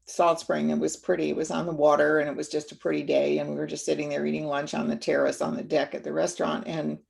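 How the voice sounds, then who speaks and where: A woman speaks in a gentle, unhurried way, recalling events as a webinar guest. Her voice sits low and has a gravelly fry. She circles back with fillers and restarts. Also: level tone. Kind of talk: reflective storytelling in a webinar.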